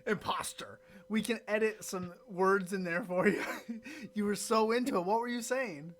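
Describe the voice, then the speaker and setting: A woman's voice: medium pitch, normal speed. A woman hosting a casual interview over a video call, giving short supportive replies. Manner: short supportive responses, laughs along. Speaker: podcast host.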